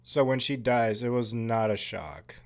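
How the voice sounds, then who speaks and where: A man's voice: medium pitch, expressive, unhurried. A man hosting a casual movie commentary, laid-back and chatty, often laughing and swearing casually. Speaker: podcast host.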